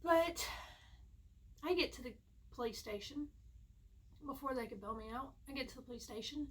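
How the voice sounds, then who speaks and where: A young woman rambles through a personal story in a high, lifted voice. Her tone is bright and a little sharp, chatty and self-mocking, like a vlogger talking straight to her viewers from home. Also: normal speed, slightly rough. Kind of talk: casual storytime.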